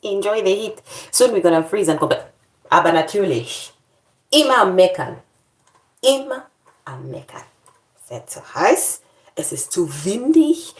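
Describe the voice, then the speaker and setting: A woman's voice: on the low side, roomy sound. A woman vlogger in casual chat, complaining in a playful, dramatic way.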